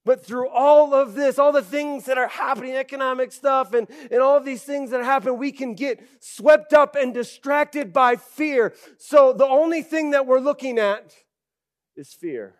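A man preaching a sermon as pastor in an animated, conversational way, rising to loud bursts and using casual fillers like "okay" and "right". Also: very high-pitched, normal speed.

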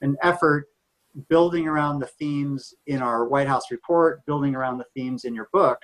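A man's voice: medium pitch, normal speed, low-quality recording. A man who works in public health, a guest in an interview, explaining complicated issues thoughtfully. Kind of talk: conversational interview.

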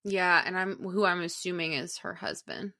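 A woman's voice: on the low side, fairly even intonation, moderate pace, sharp tone. A young woman co-hosting a podcast who laughs easily and reacts playfully as she hears the case. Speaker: podcast co-host. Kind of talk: casual true crime chat.

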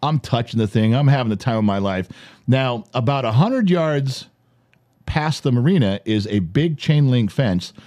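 A man in his forties hosting a podcast in a studio, telling a story in a lively, profane, laughing way. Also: mid-range voice, normal speed. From United States. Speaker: podcast host. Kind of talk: animated storytelling chat.

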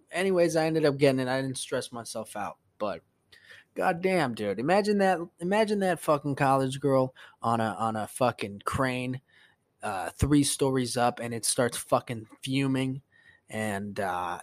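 A man hosting a casual solo podcast, telling a story in profane, animated bursts that climb into a rant. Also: medium pitch, no room sound. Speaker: podcast host.

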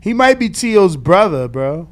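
A man co-hosting a podcast in casual, profane chat, dropping to mumbles and then bursting out loud. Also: sits high, big pitch swings, moderate pace. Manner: loose, profane, swings between mumbling and loud outbursts. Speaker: podcast co-host.

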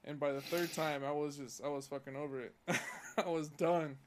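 A man's voice: a little high, steady tone, normal speed, noisy background. A young man from California on a casual podcast, telling a profane, heated story about work. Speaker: podcast co-host.

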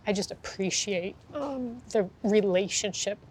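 A woman's voice: medium pitch, unhurried, darkish tone, a little hiss or hum. A woman horse trainer being interviewed, telling her story candidly and acting out what people said. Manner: candid storytelling, acts out quotes. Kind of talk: conversational interview.

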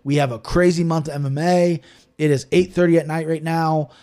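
A man hosting a podcast with a slightly raised voice, talking fast and loose. He rambles from point to point and swears freely in casual chat. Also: fairly high pitch, fairly even intonation, mellow. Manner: profane, rambling, quick-talking. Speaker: podcast host.

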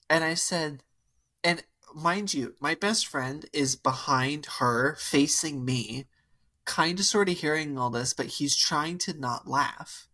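A young man speaks slowly, his voice a little high, while co-hosting a casual podcast. His wild dating story comes out animated and filler-heavy, with the quotes acted out.

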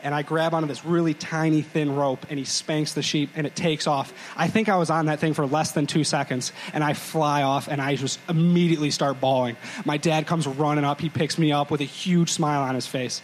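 A man's voice: a little high, fairly even intonation, brisk, hardly any pauses, slight background noise, rough recording. A young man co-hosting a live podcast show, telling a childhood story with joking asides and careful scene-setting. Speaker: podcast co-host. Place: live stage before a crowd.

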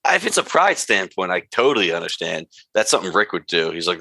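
A man's voice: low voice, sing-song, fast talker, gravelly, bright, forceful tone, husky, no room sound. A man co-hosting a casual recap chat, eagerly putting questions to the others. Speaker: podcast co-host.

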